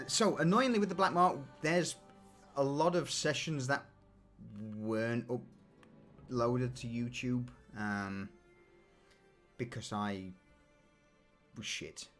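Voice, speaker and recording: A man's voice: mid-range voice, slow pace, a bit bright, soft background music. A man hosting and running a tabletop game stream, chatting casually and candidly with some swearing. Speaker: game master and stream host. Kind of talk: casual chat between sessions.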